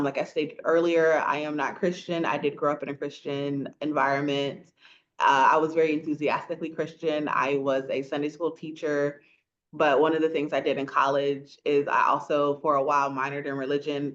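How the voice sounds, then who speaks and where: A woman in her thirties from rural Florida, hosting a casual podcast chat as an animated storyteller who laughs often and acts out the people she quotes. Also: low-pitched, highs cut off. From rural Florida, USA. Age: 30s. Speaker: podcast host.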